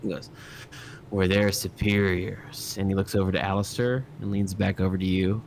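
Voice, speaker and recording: A man with a low voice narrates a tabletop game as its game master. He rambles casually and fills his sentences with "like" and "uh". A faint hiss sits under the recording. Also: steady tone, quick pace, a little mellow. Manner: casual, rambling with many fillers.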